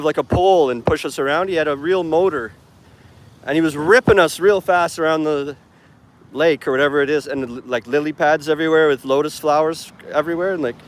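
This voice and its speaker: A man's voice: on the high side, a little fast. A man chatting casually in a live stream while walking outdoors along a city street, talking into his phone in a rambling way with lots of fillers. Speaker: English teacher and vlogger. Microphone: phone camera held while walking.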